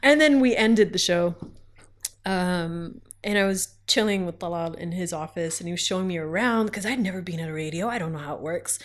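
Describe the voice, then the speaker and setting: A woman in her twenties, a radio host, telling a story in a casual interview. She talks in an animated way, laughs often and acts out the voices of the people she quotes. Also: fairly low pitch, brisk.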